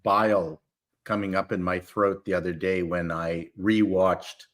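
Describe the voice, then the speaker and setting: Casting: male panel guest, lowish pitch, bright tone, wry offhand delivery. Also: steady tone, a little slow. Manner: wry, offhand, stammers on starts. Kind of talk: casual panel chat.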